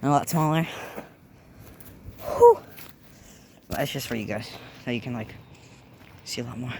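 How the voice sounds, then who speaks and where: A man's voice: medium pitch, quick pace, vocal fry, a little hiss or hum. A man vlogging outdoors at night on a handheld phone, rambling casually about what he's doing and talking to his cat. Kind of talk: casual vlog. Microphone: handheld phone camera.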